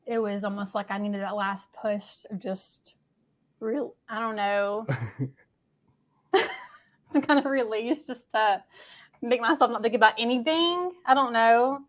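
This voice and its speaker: A woman's voice: fairly high pitch, unhurried. A woman talking about her inner life in a casual interview, hesitant and often laughing as she searches for words. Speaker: guest. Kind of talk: casual conversation.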